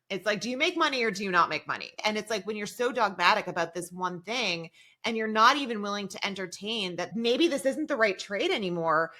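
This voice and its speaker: Woman, podcast co-host, casual chat, lively, brightly edged voice. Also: mid-range voice. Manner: lively, quick affirming interjections. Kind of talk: casual chat recapping a TV episode.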